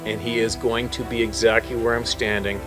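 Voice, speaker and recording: A man, a hunting guide, telling a wild story in a casual, animated way and swearing freely. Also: medium pitch, moderate pace, over music. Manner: swearing, animated storyteller who swings between hushed and loud.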